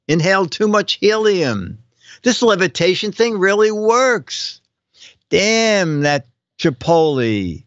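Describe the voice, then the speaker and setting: A man's voice: sits high, a bit bright, dry recording, highs cut off. An older man hosting a casual live show, reading viewers' joke captions aloud and chuckling between them. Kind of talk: casual comedic live-stream chat.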